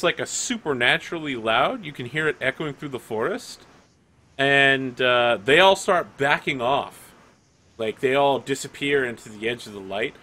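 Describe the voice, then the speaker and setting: A man's voice: medium pitch, pushed and bright, slight background noise. A man running a tabletop game as game master, narrating loosely with lots of "like" and small laughs.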